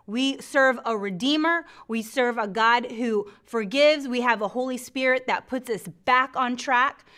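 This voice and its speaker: A woman's voice: on the high side, a little slow, fairly bright tone. A middle-aged woman hosting a faith show, teaching from the Bible with lots of laughter and acted-out voices. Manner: laughs often, acts out scripture voices. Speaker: faith podcast host.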